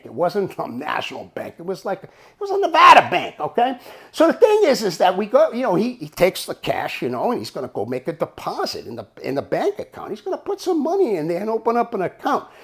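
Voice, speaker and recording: An older man telling a casual, profane anecdote in an animated way. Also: high-pitched. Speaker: storyteller.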